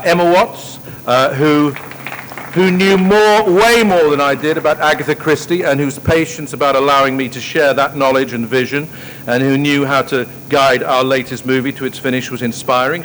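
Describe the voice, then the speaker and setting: A man's voice: medium pitch, a bit bright, long reverb tail, slight background noise, poor audio. A man from Northern Ireland giving a gracious ceremony speech, thanking people with hesitant fillers. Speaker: speaker at an awards ceremony. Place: outdoor ceremony.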